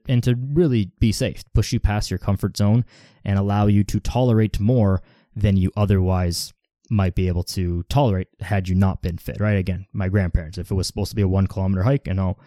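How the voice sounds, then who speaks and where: A man's voice: fairly low pitch, dark tone, dry recording, studio quality. A man hosting a fitness podcast, talking casually and rambling with lots of "like" fillers. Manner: rambling, heavy use of "like" fillers. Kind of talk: casual solo podcast talk.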